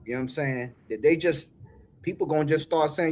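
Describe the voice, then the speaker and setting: Preachy male host, slightly high voice. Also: brisk, a little mellow. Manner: preachy, quotes scripture, keeps asking "you know what I'm saying". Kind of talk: casual group discussion.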